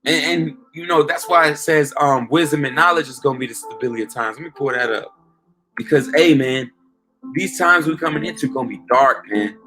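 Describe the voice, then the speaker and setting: A man's voice: on the high side, brisk, sharp tone, soft background music. A man preaching informally and emphatically, often saying "man" and asking "okay?" as he recounts a dream.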